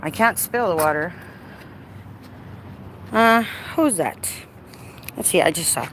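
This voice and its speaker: A woman's voice: lowish voice, animated, takes it slowly, long pauses, fairly bright tone. A woman chatting casually to her viewers while working on her car outdoors, playful and talkative. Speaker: vlogger. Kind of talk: casual live-stream chat. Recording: outdoor recording with clear background noise.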